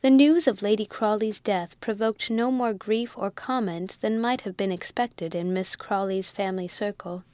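A woman reading a classic novel aloud in a measured, even way. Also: medium pitch, smooth, no room sound. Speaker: audiobook narrator. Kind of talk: scripted narration.

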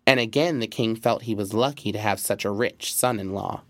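A man's voice: fairly low pitch, dry recording, clean studio sound. Man reading a fairy tale. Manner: measured, expressive. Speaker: narrator. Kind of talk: storybook reading.

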